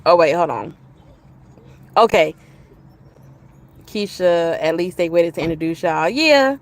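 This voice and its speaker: A woman's voice: on the low side, expressive, a little slow. A young woman hosting a casual live stream, chatting in a laid-back, slangy way, laughing often, reading viewer comments and talking while she eats. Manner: talks while eating. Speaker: livestream host. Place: outdoors while walking.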